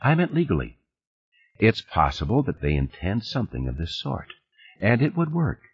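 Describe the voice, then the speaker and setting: Male reader voicing a cool, exact woman lawyer, husky, lo-fi audiobook. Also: on the low side, wildly swooping pitch, moderate pace, full character voice. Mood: measured. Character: sharp, composed woman lawyer. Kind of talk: audiobook reading.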